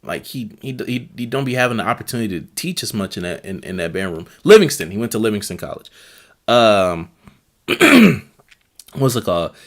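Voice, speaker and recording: Over band music, a man hosts a live stream, reacting to marching band videos. His lowish, sing-song voice moves at a normal speed, and his casual talk rambles, often repeating itself as he hunts for names.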